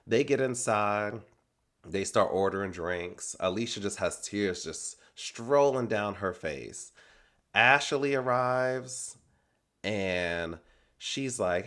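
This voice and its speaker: A man's voice: lowish voice, slow pace. Chatty man recapping TV. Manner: chatty, animated storytelling with quoted asides. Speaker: recap host. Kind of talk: casual reality TV recap.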